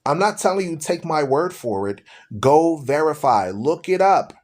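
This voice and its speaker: A man's voice: on the high side, very animated, normal speed, darkish tone. A man hosting a live-streamed religious talk show, speaking to his listeners in a preachy, repetitive way. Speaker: radio show host.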